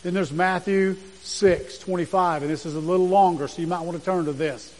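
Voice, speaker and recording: A man with a high voice preaches a sermon, earnest and deliberate as he reads scripture aloud with weight. His words ring out with a long reverb trailing behind them. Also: fairly even intonation, a little mellow. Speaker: pastor.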